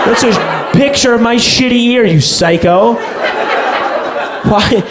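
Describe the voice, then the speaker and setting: High-voiced young male stand-up comic. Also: moderate pace. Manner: rambling, profane, self-deprecating. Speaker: stand-up comedian. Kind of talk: stand-up set. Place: comedy stage before a live audience. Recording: live club recording with loud crowd noise.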